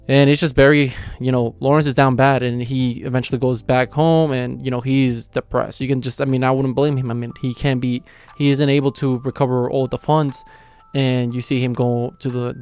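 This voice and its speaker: A man's voice: mid-range voice, level tone, a little fast, darkish tone, clean tone. A young man hosting his own channel, casually recapping and reviewing an episode, rambling with lots of filler words and frequent chuckles. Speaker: anime reaction channel host.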